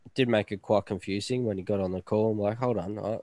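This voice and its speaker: Australian man, low voice, dry close sound, blokey podcast banter, casual swearing. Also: fairly even intonation, fast, darkish tone, dry recording. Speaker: podcast co-host. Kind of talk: casual chat.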